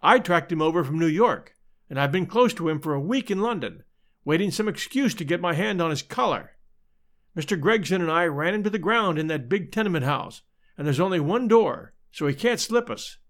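A man voicing a quiet, businesslike young American detective in a storybook reading. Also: a little high, animated, brisk. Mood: earnest. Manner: earnest, businesslike.

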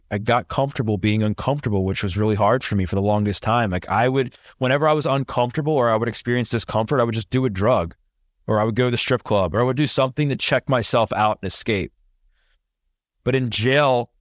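A man's voice: fairly low pitch, no room sound, studio quality. A man being interviewed, telling his own story in a candid, earnest way that turns emotional. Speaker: podcast guest.

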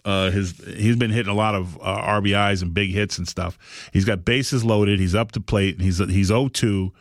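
A man hosting a podcast, telling a long story in casual chat, animated and rambling with frequent restarts. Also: lowish voice, normal speed, dry recording, clean studio sound. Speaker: podcast host.

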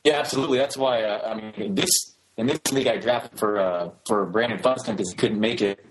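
A man co-hosting a podcast over a remote call, talking quickly with restarts, his line at times garbled. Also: lowish voice, rough recording. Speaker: podcast co-host. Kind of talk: casual chat. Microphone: remote call, garbled connection.

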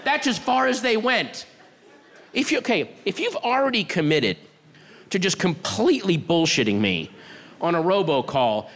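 A man's voice: high voice, moderate pace, a faint crowd. A man performing a stand-up comedy set, telling stories with exasperated energy and acting out voices. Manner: animated, exasperated storytelling with acted-out voices. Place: theater stage. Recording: live show in a hall with audience.

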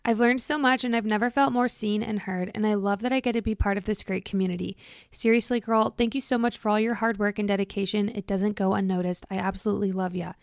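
Young woman talking on her podcast, chatty and emotional, lots of likes, smooth voice. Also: mid-range voice, steady tone, fast, dry recording, studio quality. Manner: chatty and emotional, many "like" fillers. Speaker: podcast host. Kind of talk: casual reflective chat.

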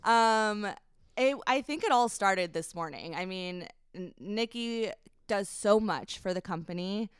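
A young woman, a company founder, telling an emotional personal story as a podcast guest, halting with many fillers. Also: medium pitch, animated, clean tone, dry recording, clean studio sound. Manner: halting, many fillers, laughs while recounting.

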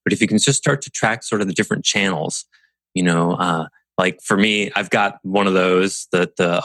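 A man's voice: sits low, normal speed, dry recording. A man leading a group call as a coach, talking reflectively and acting out inner voices with shifts of tone. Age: adult parent. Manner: expressive, mimics inner voices with changes of tone.

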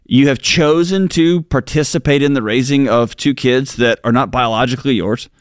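A man's voice: mid-range voice, moderate pace, clean tone, no echo, studio quality. A middle-aged man hosting a call-in advice show, blunt and emphatic as he drives home his points. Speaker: talk show host. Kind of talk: casual advice talk.

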